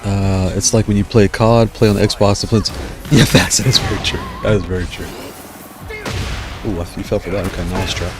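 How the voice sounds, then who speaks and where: A man's voice: fairly low pitch, steady tone, brisk, over music. A tired man streaming a fighting game and chatting as he reacts aloud to each round. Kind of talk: live gameplay commentary.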